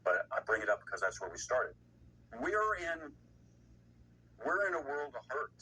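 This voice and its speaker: A man's voice: medium pitch, very animated, normal speed, pushed and bright, husky. A man giving political commentary, blunt and indignant, rambling with restarts. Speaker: guest commentator. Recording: distant mic with faint noise.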